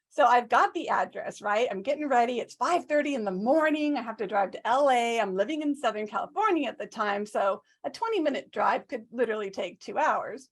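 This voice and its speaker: Woman speaker, lively funny story speech, self-mocking, quizzes the audience, slightly high voice. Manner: animated, self-mocking, asks the audience questions. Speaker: club speaker.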